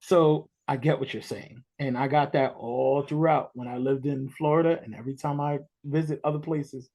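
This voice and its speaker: A man from New York hosting a podcast, chatting casually and telling stories in an animated, excitable way. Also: medium pitch, moderate pace, hardly any pauses. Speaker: podcast host. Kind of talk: casual interview chat.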